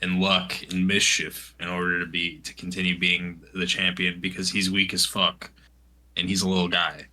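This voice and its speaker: A man's voice: deep voice, little pitch movement, moderate pace, pushed and bright, poor audio. A man on a casual podcast, explaining his view in a blunt, crude way. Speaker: podcast co-host.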